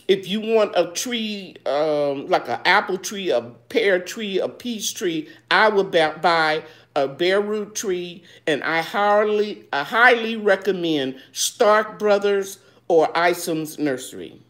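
A woman's voice: lowish voice, slow, hardly any pauses, fairly bright tone. A woman hosting a live gardening chat. She reads viewers' questions aloud and answers them in a homey, loose way, calling people baby. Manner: loose, with fillers and restarts. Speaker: gardening show host.

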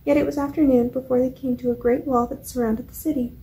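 A woman reading a children's book aloud at a library storytime, with a steady, clear delivery. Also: high voice, fast, a little hiss or hum, rough recording. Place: public library.

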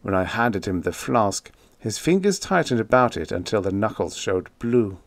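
A man giving a dramatic horror audiobook narration, measured and building dread. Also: fairly low pitch, lively intonation, no room sound.

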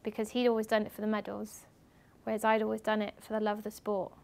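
Animated young woman telling stories to students. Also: mid-range voice, fast, creaky. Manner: animated storytelling, acting out others' lines. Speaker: guest speaker. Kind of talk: lively talk to students. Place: university lecture room.

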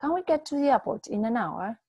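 A woman voicing an anxious, hurried older wife who pleads in a raised, urgent voice. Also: fairly high pitch, animated, mellow, slightly rough, no echo, lo-fi sound, pitched above the performer's own voice. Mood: anxious pleading.

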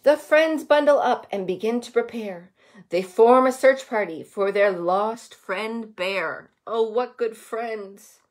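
A woman reading a picture book aloud to young children, gentle and expressive, stopping to comment on the pictures and ask the kids questions. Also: on the high side, takes it slowly. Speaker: children's story reader.

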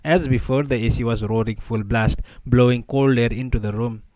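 A man reads an audiobook aloud at a middle pitch, with measured, even storytelling. The recording is dry and close, with no room sound. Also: dry recording, low-quality recording. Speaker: audiobook narrator. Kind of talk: audiobook narration.

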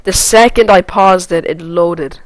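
A woman giving gameplay commentary, excitable and foul-mouthed, with loud sudden yelps and shouts between muttered remarks. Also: on the low side, a little slow, dry recording, poor audio. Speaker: let's play gamer.

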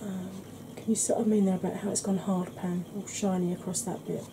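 A woman explaining her makeup steps in a soft, chatty ASMR tutorial, often clearing her throat. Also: mid-range voice, little pitch movement, fairly quick, noisy background. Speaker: beauty vlogger.

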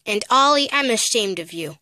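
A woman's voice: fairly high pitch, expressive, moderate pace. Woman playing a stern scolding mother. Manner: scolding, sharp commands.

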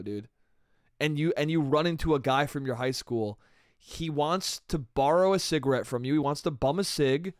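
A man's voice: on the high side, clear, resonant tone, dry recording, clean studio sound. A man hosting a solo comedy podcast, rambling crudely and saying "dude" and "bro" constantly. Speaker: podcast host.

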